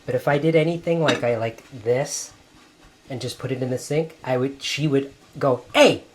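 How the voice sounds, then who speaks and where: A man hosting a cooking video in a home kitchen, gently narrating each step as he works. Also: mid-range voice, steady tone, normal speed, slight background noise. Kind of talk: cooking demonstration.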